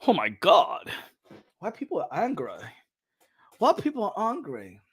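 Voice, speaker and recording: A man's voice: sits high, unhurried, slightly rough. A man talking boxing casually, repeating himself and teasing his viewers. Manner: animated, repetitive, hypes and teases viewers. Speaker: boxing commentator.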